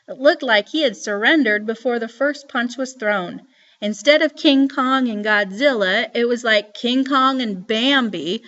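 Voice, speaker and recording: A woman reading a novel aloud as audiobook narration, with lively storytelling. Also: medium pitch, lo-fi sound.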